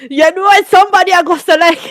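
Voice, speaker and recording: A woman with a Jamaican accent hosting a casual storytime chat, animated and laughing often. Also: very high voice, brisk, no echo, clean studio sound. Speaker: channel host.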